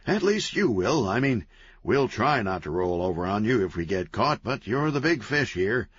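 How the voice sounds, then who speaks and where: A man's voice: on the low side, very animated, husky, no echo. A man voicing a manic, chatty, cheerful antihero man who talks gleefully and wheedles. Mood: persuasive. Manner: gleeful, fast-talking, wheedling. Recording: dull, lo-fi, dry.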